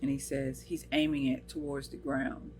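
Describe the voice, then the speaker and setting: A woman's voice: a bass voice, flat delivery, normal speed, a little mellow, slight background noise. American woman venting a personal story on her channel, emotional, acts out the back-and-forth. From United States. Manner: earnest, emotional, retells scenes with quoted dialogue. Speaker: channel host.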